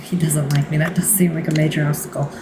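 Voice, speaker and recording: A woman with a deep, low voice trades sarcastic jabs in relaxed stream chatter. She teases and swears freely, sounding casual and unbothered. A faint hiss of background noise sits under her voice. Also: fast talker. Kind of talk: casual banter while streaming.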